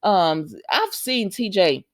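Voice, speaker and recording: A woman casually recaps soap opera episodes for viewers in an expressive, medium-pitched voice at a slow pace, recorded in studio quality with no room sound. She retells scenes with quoted lines and throws in opinionated asides scolding the characters.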